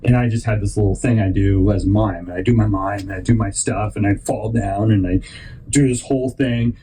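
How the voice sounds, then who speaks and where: A man's voice: fairly low pitch, brisk, mellow, a little hiss or hum, low-quality recording. A man hosting a podcast, telling a long rambling story and acting out other people's lines in put-on voices. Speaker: podcast host.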